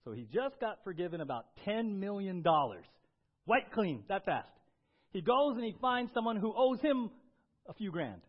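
A man preaching a sermon as pastor, swinging between loud emphatic bursts and quiet, low stretches. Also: big pitch swings, normal speed, slightly rough, dull audio.

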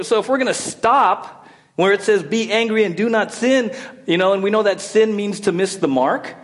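A middle-aged man preaching a sermon as pastor, in a conversational way, often checking in with "right?". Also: high voice.

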